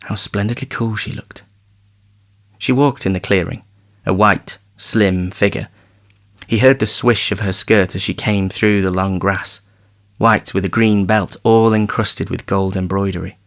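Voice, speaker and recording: A man reading a novel aloud as an audiobook narrator, measured and steady. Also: fairly low pitch. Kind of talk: scripted narration.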